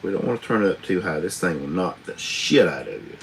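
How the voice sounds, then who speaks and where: A man's voice: deep voice, expressive, a little fast, vocal fry, noisy background. A man, a truck driver chatting casually and rambling on a live stream, swearing freely, chuckling often, recorded on a tablet camera.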